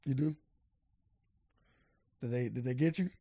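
A man's voice: mid-range voice, unhurried, dark tone, dry recording, studio quality. A man co-hosting a podcast in casual chat, teasing and stubbornly pressing his point. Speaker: podcast co-host.

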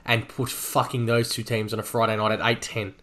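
A man's voice: medium pitch, little pitch movement, a little fast, sharp tone. An Australian man co-hosting a casual footy podcast, making dry, blunt, sweary remarks. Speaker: podcast co-host.

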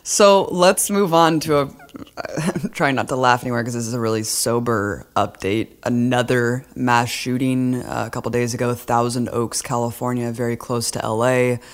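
A woman's voice: a bass voice, little pitch movement, moderate pace. A woman co-hosting a political podcast, casual and sarcastic, slipping into mocking voices when she quotes people. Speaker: podcast co-host.

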